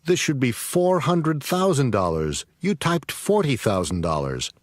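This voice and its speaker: A man's voice: mid-range voice, big pitch swings, a little slow, no room sound, studio quality. Man sounding stern and businesslike. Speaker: course announcer and boss character. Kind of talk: scripted dialogue.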